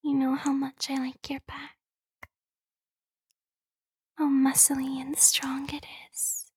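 In this whispered role-play, the woman voicing a clingy, playful younger sister keeps her delivery completely flat, yet the mood stays teasing. Her high voice drifts slowly through soft breathy whispers and light giggles, recorded dry and intimately against the microphone.

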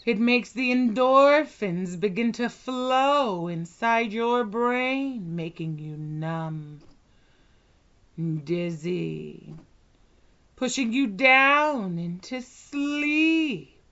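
A woman in a whispered role-play, speaking as a dominant hypnotist with a soft, commanding, drawn-out delivery. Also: fairly high pitch, highs cut off.

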